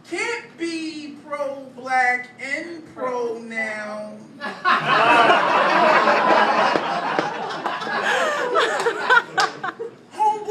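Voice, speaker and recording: A man's voice: very high-pitched, bright, forceful tone. A man performing a spoken word poem to a live audience, with a rhythmic, rhymed delivery and punchy emphasis. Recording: echoey room, distant mic, background noise.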